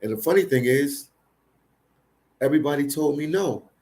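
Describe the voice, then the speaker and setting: A man's voice: on the high side, expressive, moderate pace, darkish tone. A man hosting a livestream, telling stories casually, repeating phrases and speaking with emphasis. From Philadelphia, United States. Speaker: livestream host. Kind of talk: casual live storytelling.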